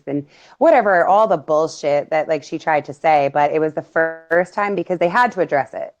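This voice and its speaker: A woman's voice: sits low, moderate pace, dull audio, soft background music. A woman hosting a casual talk show, chatting with lots of fillers and laughs. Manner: animated, laughing, many fillers. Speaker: podcast host. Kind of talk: casual conspiracy chat.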